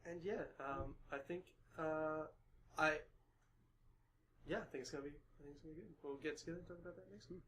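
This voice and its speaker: Easygoing man, slightly high voice, stuffy. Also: fairly bright tone, a little hiss or hum, rough recording. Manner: laid-back, halting, lots of ums. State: stuffy with hay fever. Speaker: podcast host. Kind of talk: casual chat.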